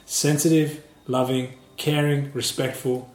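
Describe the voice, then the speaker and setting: A man who teaches martial arts and Qigong, speaking in an earnest, measured way during a reflective group discussion. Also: medium pitch, level tone, a little mellow, roomy sound.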